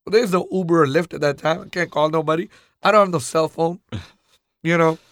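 A man telling a personal story in a casual interview, animated, acting out the people he quotes. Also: a little high, fairly quick, no room sound, studio quality.

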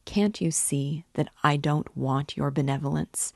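A woman's voice: deep voice, a little slow, a little mellow, no echo, studio quality. A woman reading aloud, voicing a sick, irritable young man who bitterly pleads to be left alone. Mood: bitter pleading. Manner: bitter, pleading, pushing the friend away.

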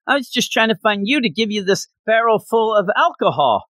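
A man pitches his voice up into a frightened young cabin boy, high and squeaky. The boy is a scaredy cat who stammers out excuses. The sound is dry, with no room around it. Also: big pitch swings, brisk, a bit bright, dry recording. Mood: scared.

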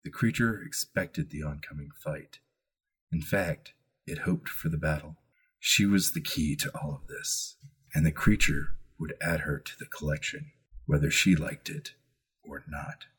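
A man hosting a tabletop game as its game master, telling a horror scene in slow, hushed narration that drops to a murmur. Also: extremely low pitch, husky.

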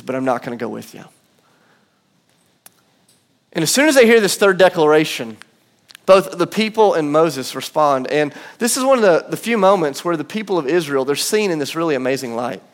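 A man in his thirties preaching a sermon as pastor, earnest and emphatic, slowing down for weight and dropping to soft low asides. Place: church auditorium.

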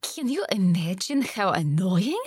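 A woman's voice: medium pitch, big pitch swings, unhurried, darkish tone, breathy edge, no room sound. An actress playing a dry, skeptical woman who speaks broken English, dropping articles. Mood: sarcastic. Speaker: comedy sketch character. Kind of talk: comedic sketch acting.

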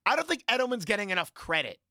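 Emphatic sports panelist, bright voice. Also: male voice, high voice, big pitch swings, fast talker, creaky, dry recording, studio quality. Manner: emphatic, repetitive, argumentative. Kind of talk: heated sports debate.

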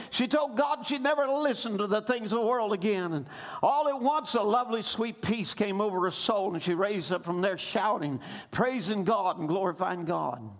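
A man preaching a sermon, retelling stories, breaking into shouts and calling for amens. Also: sits high. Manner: preaching with rising shouts and call-and-response amens.

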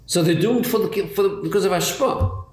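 A man's voice: sits high, fairly quick, a little mellow. A man teaching a Chassidus class, asking rhetorical questions and repeating words as he thinks it through. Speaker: Torah teacher. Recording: echoey room with faint noise.

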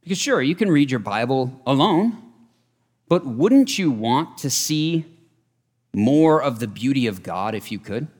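A man's voice: medium pitch, lively intonation, measured pace, darkish tone. Man preaching in a reverberant hall. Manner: earnest, repeats key phrases for emphasis. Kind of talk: sermon. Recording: long reverb of a large hall.

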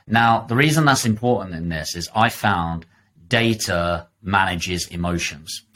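A British property investor appears as a guest in a casual podcast chat, emphatic and fired up and swearing freely. His voice sits on the low side with a slightly bright quality.

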